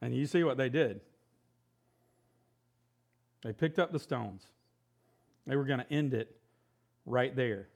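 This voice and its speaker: A man preaching a sermon, reading scripture aloud and then talking it through casually, with quick laughs and sudden excited outbursts. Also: medium pitch, vocal fry. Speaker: pastor.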